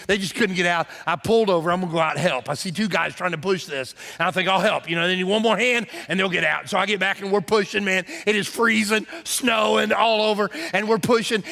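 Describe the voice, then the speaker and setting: Animated man preaching in a reverberant hall. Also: high voice, vocal fry. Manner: animated storytelling, rising to near shouts at emphasis. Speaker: pastor. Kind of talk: sermon. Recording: church hall with long reverb.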